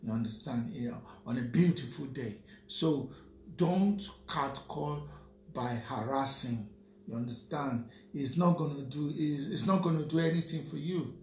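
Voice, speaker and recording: Slow, gravelly Nigerian man lecturing. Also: mid-range voice, darkish tone. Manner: lecturing, keeps asking "you understand?". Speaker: radio show co-host. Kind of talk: radio talk commentary. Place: radio studio. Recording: echoey room with faint hum.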